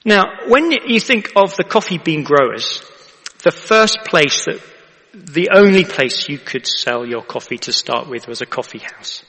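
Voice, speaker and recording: Male vicar, bright gravelly voice, chatty sermon in a reverberant hall. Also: on the high side, big pitch swings, measured pace. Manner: chatty, asks the audience for agreement.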